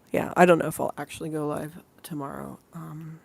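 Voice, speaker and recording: Low-voiced woman chatting on a livestream. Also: steady tone, a little fast, creaky, hardly any pauses. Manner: rambling, giggly, reads chat names aloud. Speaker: livestream host. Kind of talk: casual livestream chat.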